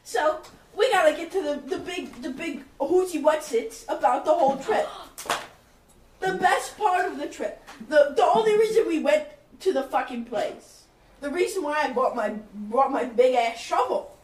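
Casting note: female podcast co-host with a high, lively voice, off mic in a roomy room with faint noise. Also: normal speed, recorded from a distance. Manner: lively, profane, chiming in. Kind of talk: casual chat.

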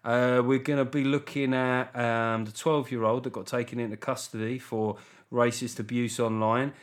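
A middle-aged man with a Southern English accent hosts his own comedy podcast alone. His voice sits at an ordinary middle pitch. He riffs loosely and swears freely, with quick asides. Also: level tone. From England. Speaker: podcast host. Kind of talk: solo comedy podcast chat.

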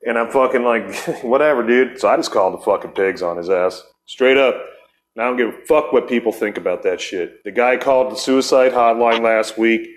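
A middle-aged man tells a long, swearing story as a podcast host. His voice sits at an ordinary pitch for a man. He rambles, stops and starts, and throws in bits of other people's voices as he goes. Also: a little fast. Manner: profane, rambling, acts out quoted voices. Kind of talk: casual storytelling chat.

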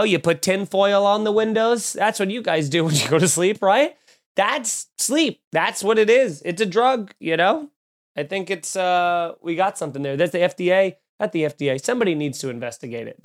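A podcast host talking in a rambling, profane, mock-exasperated comedic way. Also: medium pitch. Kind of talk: casual comedic chat.

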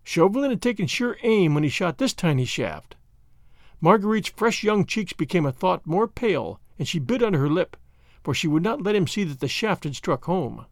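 A man narrating a classic novel with an expressive, dramatic reading. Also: sits high, moderate pace, dry recording, clean studio sound. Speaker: audiobook reader.

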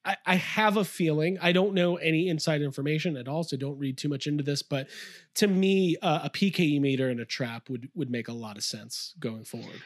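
A man's voice: fairly high pitch, brisk, no room sound, studio quality. A man co-hosting a casual podcast from his toy room, enthusiastic and rambling with lots of fillers. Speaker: podcast co-host. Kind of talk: casual chat.

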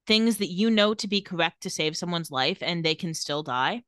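Bright, sarcastic young woman recapping. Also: on the low side, moderate pace, no echo, studio quality. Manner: sarcastic, deadpan play-by-play with quoted lines. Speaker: podcast co-host recapping a TV episode. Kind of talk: casual recap chat.

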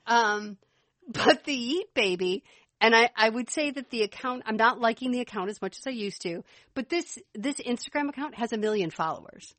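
A woman's voice: fairly high pitch, lively intonation, moderate pace, fairly bright tone, no echo. A woman co-hosting a podcast, chatting enthusiastically and laughing as she talks. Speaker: podcast co-host. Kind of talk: casual chat.

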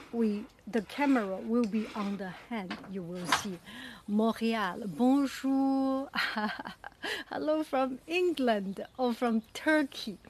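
A woman hosting a live stream, greeting viewers in an effusive, halting way with frequent fillers. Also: fairly high pitch, a little hiss or hum. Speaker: livestream host.

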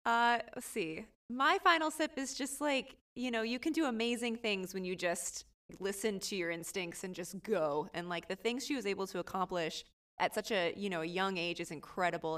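A woman's voice: on the low side, a bit bright, far from the mic. A young woman co-hosting a true-crime podcast, speaking earnestly and with enthusiasm. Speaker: podcast co-host. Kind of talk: casual true-crime chat.

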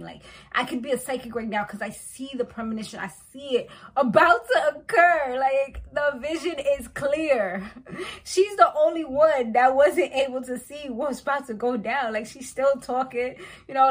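Woman, slightly high voice, chatty slangy recap host, laughs a lot. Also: husky. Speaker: reality show recapper. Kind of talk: casual recap commentary.

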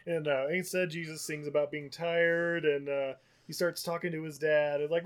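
A man's voice: on the high side, flat delivery, moderate pace, clean tone. A man co-hosting a podcast, recapping a movie in rambling, casual chat full of fillers. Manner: rambling, filler-heavy storytelling. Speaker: podcast co-host.

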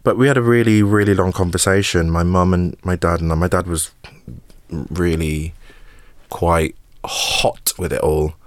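A man's voice: sits low, steady tone, a little slow, no room sound. A man, an actor openly telling a personal story as a podcast guest, emotional and repeating words. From England. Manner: open, emotional, repeats words, laughs through hard memories.

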